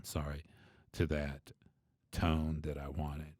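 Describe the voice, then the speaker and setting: A man who teaches bass, talking through his ideas in a loose, reflective way, with many asides and restarts. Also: monotone, measured pace, darkish tone, dry recording, studio quality. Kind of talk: conversational teaching monologue.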